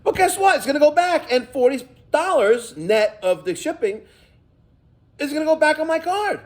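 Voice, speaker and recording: A man's voice: very high-pitched, big pitch swings, moderate pace. A middle-aged man, a plumbing contractor telling stories and giving advice in a casual, emphatic, profane vlog rant.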